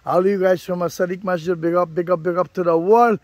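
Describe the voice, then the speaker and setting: Out in the rural bush, often behind the wheel, a man narrates his vlog with eager, casual chatter. He speaks fairly quickly in a high voice with fairly even intonation, and apart from loud engine and wind noise there's no room sound.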